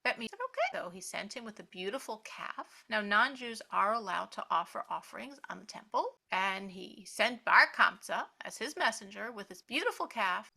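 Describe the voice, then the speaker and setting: A woman teaching a Torah class, telling the story lively and acting out the characters' lines. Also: on the high side, gravelly. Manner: animated, acts out the characters' voices in the story.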